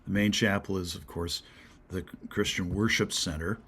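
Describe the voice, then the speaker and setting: A man with an American accent, a pastor giving a short devotional sermon, earnest and questioning, sometimes dropping to a soft whisper. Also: sits low, fairly even intonation, moderate pace, husky.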